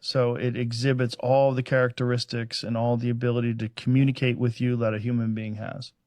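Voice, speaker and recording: Male podcast guest, mid pitch, confident explainer, dry mic. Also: flat delivery, a little fast, darkish tone, no room sound. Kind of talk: podcast conversation.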